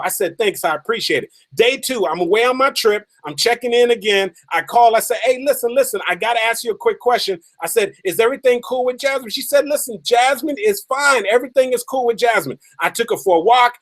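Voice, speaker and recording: A man giving a motivational talk as a story, emphatic and repeating phrases for effect, slowing down on key lines. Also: high-pitched, fairly bright tone. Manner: slows down and stretches key lines for drama. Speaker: motivational speaker.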